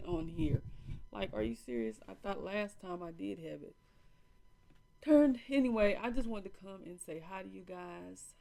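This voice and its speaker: A woman's voice: lowish voice, creaky, background noise. A woman in casual live-stream talk, chatting to viewers as y'all from home with a small microphone. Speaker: vlog host. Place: indoors, at home. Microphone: small microphone on a phone or camera.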